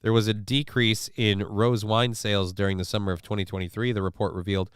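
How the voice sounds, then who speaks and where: A man's voice: fairly low pitch, level tone, a little fast, clear, resonant tone, dry recording, clean studio sound. A man hosting a casual live stream, reading viewer comments and news stories aloud with sarcastic, offhand remarks. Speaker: livestream show host.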